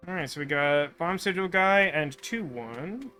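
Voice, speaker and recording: A man's voice: a little high, animated, a little slow, pushed and bright, faint music behind. A man streaming a card game, chatting in a wry way as he thinks aloud about his moves. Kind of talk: let's-play commentary.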